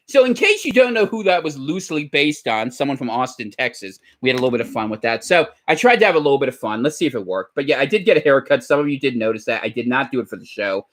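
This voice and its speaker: A man's voice: medium pitch, expressive, fast, few pauses, fairly bright tone. A man hosting his own podcast, talking casually and candidly in a rambling, tired way. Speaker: podcast host. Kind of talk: casual solo podcast monologue.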